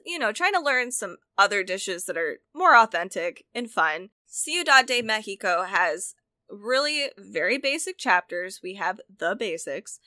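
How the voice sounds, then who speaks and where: Chatting casually about cookbooks, the co-host is eager and talkative, correcting herself and starting over often. Her medium-pitched voice comes across pushed and bright, recorded with no room sound.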